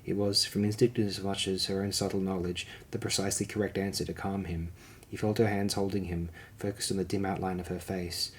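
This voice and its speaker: A man narrating an audiobook in a steady, measured reading. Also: sits low, slight background noise.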